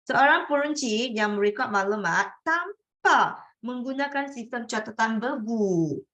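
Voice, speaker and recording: A woman's voice: a little high, a bit bright. Woman, Malaysian accent, tutor, exam-prep lesson, code-switching, checks understanding. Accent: Malaysian English. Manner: mixes Malay and English, coaxing checks for understanding.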